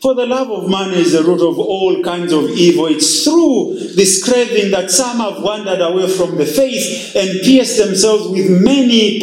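A man's voice: high-pitched, darkish tone, roomy sound, rough recording. A male pastor preaching emphatically and reading scripture in a sermon.

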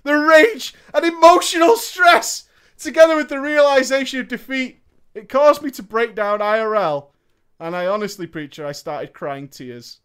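A man hosting a casual show, reading out viewer stories and reacting. He is animated, swears a lot and laughs often. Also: sits high, normal speed, smooth. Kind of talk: casual storytelling chat.

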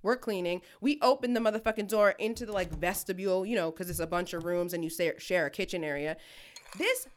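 A young woman co-hosts a casual podcast. She tells her stories in an animated, profane way and throws herself into acting out quoted lines. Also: on the low side, a little fast. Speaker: podcast co-host. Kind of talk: casual storytelling chat.

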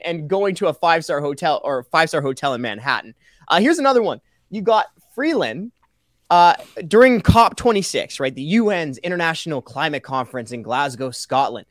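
A man from Canada with a high, very lively voice, talking as an animated podcast guest. He rattles off example after example with sarcasm and quick laughs. The sound is close and dry. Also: dry recording. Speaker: guest, taxpayer advocate.

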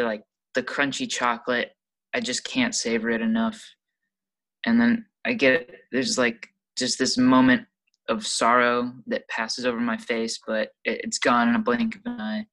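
A player in a tabletop game, talking casually in and out of character, excitable and rambling with many fillers. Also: medium pitch. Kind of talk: casual tabletop role-play.

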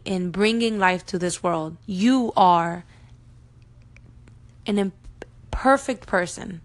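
Heartfelt woman sharing her birth story. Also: mid-range voice. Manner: emotional, heartfelt, earnest; addresses viewers directly. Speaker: mom vlogger. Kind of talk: personal storytelling to camera.

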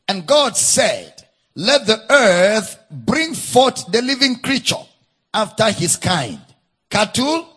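A male preacher with a Nigerian English accent delivers a slow, deliberate sermon. His voice is high and swoops up and down in a sing-song way, with a slightly husky edge, and he repeats key lines for emphasis. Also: a bit bright. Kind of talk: sermon, Bible teaching.

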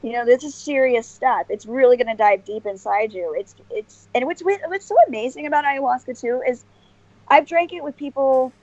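A woman's voice: high-pitched, moderate pace, darkish tone, dry recording. A woman guest in a casual interview, talking earnestly and rambling with many restarts and fillers. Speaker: podcast guest. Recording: dull lo-fi dry sound.

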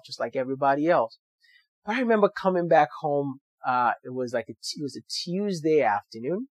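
A man's voice: medium pitch, no room sound. A young man earnestly telling a personal story to viewers, with motivational emphasis. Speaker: doctor sharing his story.

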